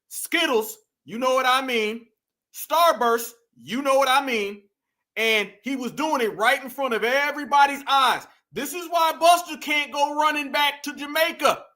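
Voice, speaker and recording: A man with a very high, bright voice hosts reaction commentary. He is animated and mocking, talking straight at his viewers. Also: measured pace. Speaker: commentary host.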